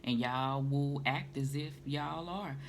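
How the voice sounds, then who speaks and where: A woman's voice: a bass voice, slow. A woman, doing a casual tarot reading and calling the listener honey and baby. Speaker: tarot reader. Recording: noisy home recording.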